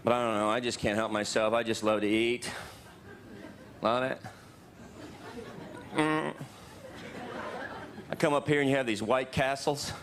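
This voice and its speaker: A middle-aged man doing a stand-up comedy set, often jumping into high, silly shouted voices for his bits. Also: steady tone, unhurried, pauses often. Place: theater stage with laughing audience. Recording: live show with crowd laughter and noise.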